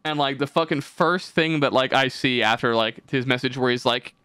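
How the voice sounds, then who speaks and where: A man's voice: medium pitch, normal speed, sharp tone, clear, resonant tone, dry recording, studio quality. A young man hosting a podcast, talking in a rambling, profane way and slipping into mocking voices. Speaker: podcast host. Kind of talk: casual podcast chat.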